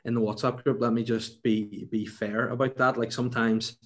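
A man's voice: mid-range voice, level tone, moderate pace. A young man with a Northern Irish accent, a stand-up comedian chatting casually in an interview, rambling with many restarts. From Northern Ireland.

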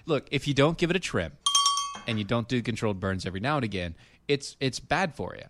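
A man co-hosting a casual commentary chat, animated and quick to laugh as he rambles through stories. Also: medium pitch, slight background noise. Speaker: co-host.

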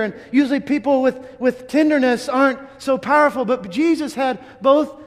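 A man preaching a dramatic sermon, telling it in first person as an eyewitness, earnest, with restarts and emphatic repeats. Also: extremely high pitch. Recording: long hall reverb.

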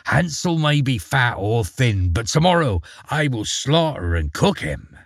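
A man's voice: mid-range voice, very animated, a little slow, vocal fry, no echo, studio quality, heavily acted. A man voicing a wicked, hungry old witch woman in a storybook reading, sneering and bossy. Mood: commanding.

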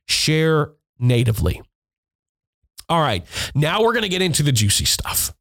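A man's voice: a little high, very animated, unhurried, gravelly, fairly bright tone. A man hosting a music industry podcast, giving blunt, emphatic advice, repeating points and swearing. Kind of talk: instructional podcast monologue. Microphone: podcast mic.

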